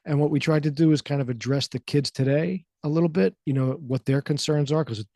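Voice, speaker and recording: A man guesting on a radio interview, talking in a soothing, calm, easygoing way about his work. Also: a little high, brisk, no room sound, studio quality. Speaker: actor and filmmaker, guest. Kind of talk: casual interview. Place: radio studio.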